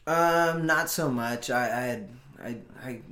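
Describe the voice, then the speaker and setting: A man's voice: mid-range voice, slow, bright, forceful tone, reverberant. A man from California chatting casually as a guest, hesitant with frequent restarts and easy laughs. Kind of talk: casual chat.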